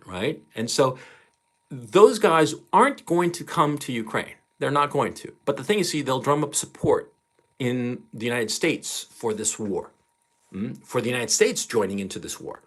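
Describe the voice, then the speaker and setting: Lively, profane man ranting. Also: mid-range voice, moderate pace. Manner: profane, emphatic, repeats points. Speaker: commentator. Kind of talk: ranting commentary vlog.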